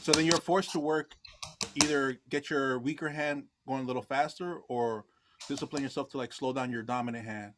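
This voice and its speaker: A man's voice: mid-range voice, fairly even intonation, normal speed. Hesitant man over a noisy line. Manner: hesitant, offering practice tips. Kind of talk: casual chat.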